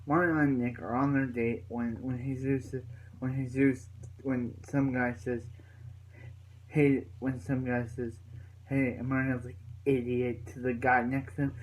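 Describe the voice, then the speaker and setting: A young man talking through a TV episode recap, rambling and restarting his sentences over and over. His voice sits at an ordinary middle pitch, with a faint background hum behind him. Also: level tone, a little slow, rough recording. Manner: rambling, many fillers and restarts. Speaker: reviewer.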